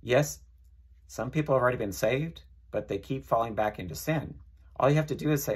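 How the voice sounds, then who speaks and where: A man's voice: mid-range voice, a little fast, darkish tone, breathy edge. A man giving an informal sermon, earnest and repeating phrases as he leads listeners in prayer. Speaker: preacher.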